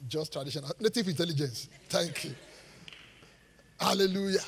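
A man preaching a live sermon as pastor, animated, asking the congregation rhetorical questions and laughing between points. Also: high voice, normal speed, pauses often, a little hiss or hum. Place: large church hall. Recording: live church sermon with long hall reverb.

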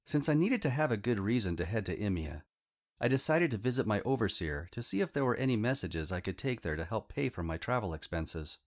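A man narrates a comic fantasy story in the first person with a wry, humorous touch. His voice sits fairly low. His pitch moves in a lively way through the telling. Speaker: audiobook narrator.

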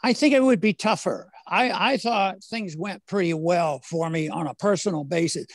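An older man, a former congressman, talking as an interview guest in a halting way with many fillers, restarts and the odd chuckle. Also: sits high, no room sound. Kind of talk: casual interview conversation.

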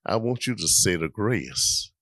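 A man's voice: fairly low pitch, animated, unhurried, vocal fry, fairly bright tone, no echo, studio quality, full character voice. An older man voicing a patient mother telling her boys dinner isn't ready.

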